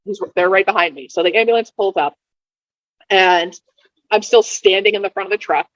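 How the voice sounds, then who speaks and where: A woman in her thirties tells a personal story in a casual, animated way. She stumbles over repeated words as she hurries on, and her middle-pitched voice comes through a dull, dry, lo-fi recording. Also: no room sound. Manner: animated, repeats words when rushing, acts out quoted dialogue. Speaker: podcast guest sharing her birth story.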